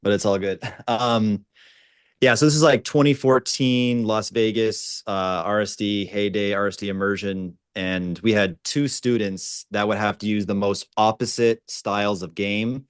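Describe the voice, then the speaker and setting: A man on a video call with a dating coach panel, telling an animated story in casual chat. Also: fairly low pitch, unhurried, smooth, no room sound, studio quality. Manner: animated storyteller, mimics voices.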